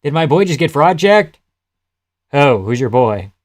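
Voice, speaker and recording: A man's voice: on the high side, very animated, measured pace. Laughing, swearing young male streamer. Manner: laughs often, swears, answers chat. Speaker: live streamer. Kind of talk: casual live-stream commentary.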